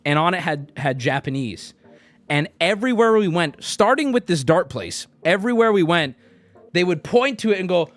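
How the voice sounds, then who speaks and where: Animated storytelling man, high and lively. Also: normal speed. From United States. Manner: lively, swings into high squeaky voices when quoting people. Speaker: streamer.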